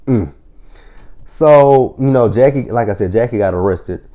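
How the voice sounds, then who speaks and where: A man recapping a TV episode in a casual, goofy and profane way, retelling the scenes with lively reactions. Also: medium pitch, unhurried. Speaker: TV episode reviewer.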